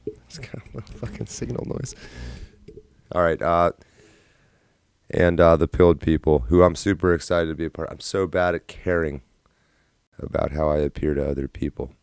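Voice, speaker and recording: Low-voiced male streamer, rambling and profane, dry close sound. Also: fairly even intonation, moderate pace, a little mellow, clear, resonant tone, dry recording. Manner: rambling, profane, self-deprecating. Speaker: livestream host. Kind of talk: casual livestream chat.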